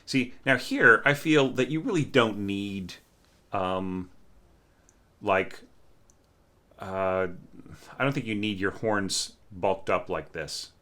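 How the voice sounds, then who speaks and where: An orchestration teacher at home, a cat snoring nearby, offers a casual, candid critique of an orchestration. His lowish voice is bright and forceful, he talks slowly with frequent pauses and many fillers, and he hums musical passages.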